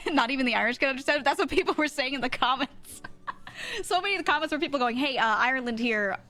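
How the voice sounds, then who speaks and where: A woman's voice: medium pitch, fairly bright tone. An American woman streamer telling a story in casual chat, rambling with lots of fillers and frequent laughter.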